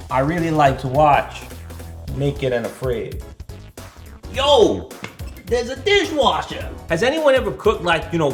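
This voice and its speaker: A man's voice: high voice, a bit bright, voice pushed up, full character voice. Man putting on a brash yo-saying wannabe gangster. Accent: put-on thug accent with a southern twang. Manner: says yo constantly, slangy and brash. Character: cocky young male wannabe gangster buyer.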